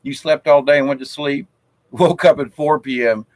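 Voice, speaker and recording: A man's voice: on the high side, steady tone, normal speed, no echo, poor audio. A man from South Georgia, telling jokes in a folksy, chuckling way on a live stream. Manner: folksy and chuckling, with frequent fillers. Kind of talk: casual joke-telling chat.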